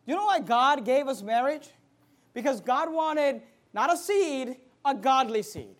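A man pastor preaching a fiery sermon, moving between loud emphatic bursts and quiet asides. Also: extremely high pitch, normal speed.

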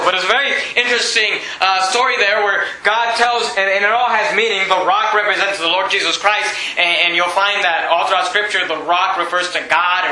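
A man's voice: high voice, pushed and bright, a little hiss or hum. A man preaching a sermon, emphatic and repetitive, reading scripture aloud between points. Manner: emphatic, repeats words, reads scripture aloud. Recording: echoey room.

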